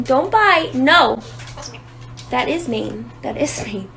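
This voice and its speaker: Very high-voiced woman quizzing her parrot. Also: expressive, slow pace, vocal fry, long pauses, sharp tone. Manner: insistent repeated questions. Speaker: parrot owner. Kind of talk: coaxing pet talk.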